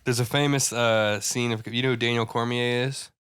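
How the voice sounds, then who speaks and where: A young man co-hosting a podcast in casual chat, excitable, swearing often and laughing a lot. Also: mid-range voice, moderate pace, clean tone, no echo, studio quality. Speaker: podcast co-host.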